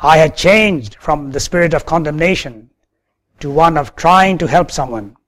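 A man's voice: a little high, moderate pace, a bit bright. A man preaching a sermon, telling a personal story as earnest testimony.

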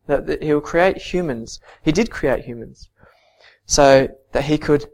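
A man preaching a sermon and reading scripture, earnest, swinging from soft to emphatic. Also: on the high side, unhurried.

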